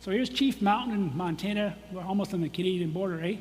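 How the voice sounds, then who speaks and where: High-voiced man lecturing in a hall. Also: fast talker. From Michigan, USA. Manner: casual and conversational, with restarts and asides. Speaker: guest lecturer, geologist. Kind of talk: presentation talk to an audience. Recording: long hall reverb, faint hum.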